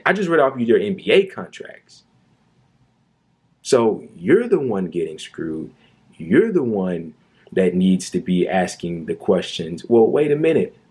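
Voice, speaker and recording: A man rants through a commentary monologue in a low, husky, mellow voice. He sounds indignant and sarcastic and leans hard on his points by repeating them. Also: big pitch swings, unhurried. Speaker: commentary youtuber.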